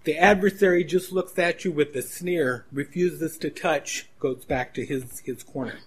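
A man's voice: on the high side, unhurried, breathy edge. A man preaching a sermon in a conversational storytelling manner, with frequent restarts.

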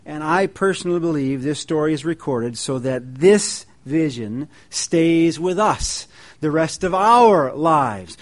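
A man preaching a sermon in a folksy, joking way, reading scripture and telling stories with lively emphasis. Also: on the high side, slow pace. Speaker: pastor.

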